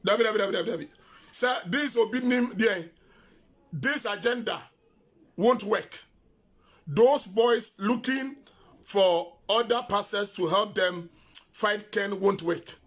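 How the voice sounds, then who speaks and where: Husky, insistent commentator. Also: male voice, high voice, a little slow, long pauses, a bit bright. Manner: insistent, scolding, repeating phrases. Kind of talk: heated commentary, mixing English and Twi.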